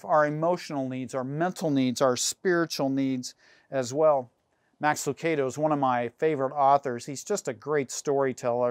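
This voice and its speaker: Earnest preaching man, fairly high voice. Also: no room sound, studio quality. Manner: earnest, emphatic preaching with rhetorical questions. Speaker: pastor. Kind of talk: sermon.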